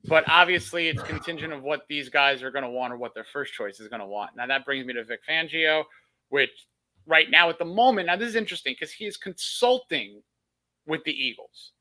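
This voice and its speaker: Guy co-hosting a sports podcast, kinda high bright voice, hedges his takes. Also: fairly quick, rough recording. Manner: analytical, hedging opinions. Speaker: podcast co-host. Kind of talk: casual sports podcast chat.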